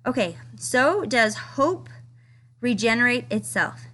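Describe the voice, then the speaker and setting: A woman's voice: on the high side, animated, takes it slowly, a bit bright. A woman giving a casual, earnest devotional study talk, reading quotes aloud with enthusiasm. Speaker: scripture study teacher.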